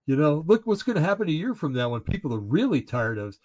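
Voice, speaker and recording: A man's voice: fairly high pitch, sing-song, fast talker, a little mellow. A man co-hosting a casual political talk show, ranting indignantly with many fillers and restarts. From Oregon, United States. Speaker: podcast co-host. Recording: slightly dull lo-fi audio.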